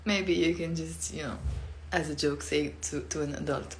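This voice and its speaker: A woman from Lebanon giving a casual online language lesson, acting out each sound playfully with big jumps in pitch and loudness. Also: steady tone, normal speed, a little hiss or hum. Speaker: Lebanese Arabic teacher.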